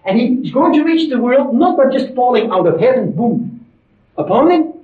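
A man's voice: very high voice, lively intonation, fairly quick. A man preaching a sermon in an emphatic, conversational way, with frequent asides to his listeners. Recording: roomy, distant, dull lo-fi sermon recording.

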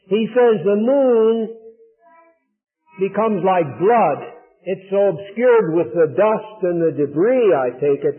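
A man preaching a sermon in an earnest, explanatory way, building emphasis as he goes. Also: high-pitched. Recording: tinny phone-like audio.

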